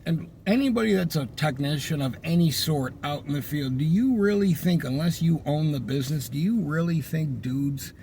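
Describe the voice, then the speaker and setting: A man's voice: on the high side, warm tone, slight background noise. A man who works in pest control, telling a work story in a casual, profane, exasperated way.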